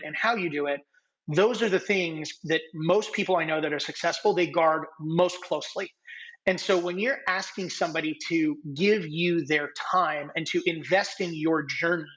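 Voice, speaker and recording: A man in his late thirties, a podcast guest telling stories in a casual, animated way and acting out the people he quotes. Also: high-pitched, highs cut off. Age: 30s. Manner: animated, acts out quoted dialogue. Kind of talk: casual interview storytelling.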